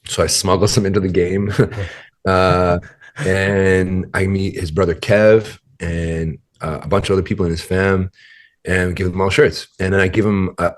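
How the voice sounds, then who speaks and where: A man as a podcast guest, telling a story in a rambling, casual way full of fillers and restarts. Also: sits low.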